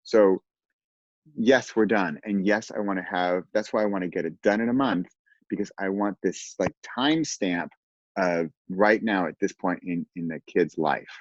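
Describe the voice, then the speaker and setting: A man chatting casually as a guest, animated, laughing often and acting out what others say. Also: low-pitched, moderate pace, no echo, highs cut off. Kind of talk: casual conversation.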